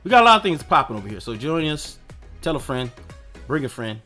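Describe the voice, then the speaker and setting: A male streamer chats casually on his live stream, his pitch bouncing up and down as he rambles. He swears now and then and mutters to himself while he clicks through his setup. Faint music and keyboard typing sit behind him. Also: big pitch swings, brisk, pushed and bright. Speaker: streamer hosting his own channel.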